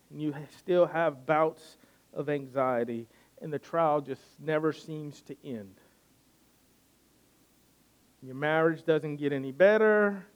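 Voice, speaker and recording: A man's voice: fairly high pitch, darkish tone, clean tone, dull audio. A man preaching a sermon, earnest and building his points by repeating phrases. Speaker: pastor.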